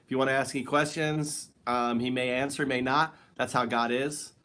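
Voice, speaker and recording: A man's voice: mid-range voice, steady tone, normal speed, bright, forceful tone. Man rambling wryly on a livestream. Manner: wry, joking, talks to an absent listener. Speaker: livestream host. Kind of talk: rambling solo livestream chat. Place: at home.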